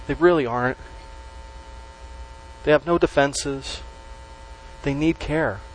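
A man preaching a sermon to a congregation, stressing key words slowly and letting his voice drop at the ends of phrases. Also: fairly high pitch, a little hiss or hum, low-quality recording. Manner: emphatic, with slow stressed words and dropped endings. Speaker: pastor.

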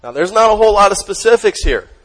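A man preaching a sermon as pastor, emphatic, asking the congregation questions and dropping his voice low on key words. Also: very animated, fast, low-quality recording.

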